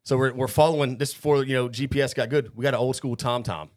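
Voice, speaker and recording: A man's voice: medium pitch, fairly even intonation, quick pace, darkish tone. A man hosting a podcast, telling a long, rambling, profane story in casual chat. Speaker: podcast host.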